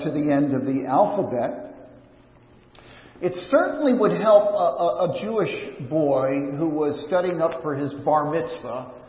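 A pastor preaching a sermon in a conversational, searching way, often restarting his sentences, recorded in a church sanctuary. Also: on the high side. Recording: echoey church hall, dull lo-fi sound.

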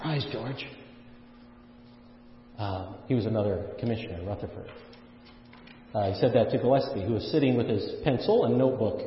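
A man from Canada preaching a sermon earnestly, with many fillers and sudden swings of loudness. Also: fairly high pitch. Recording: echoey hall, dull muffled sound.

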